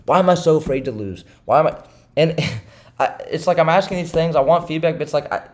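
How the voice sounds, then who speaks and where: A man's voice: a little high, a little fast. A young man vlogging about day trading, rambling and frustrated, repeating questions as he vents. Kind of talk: casual confessional monologue.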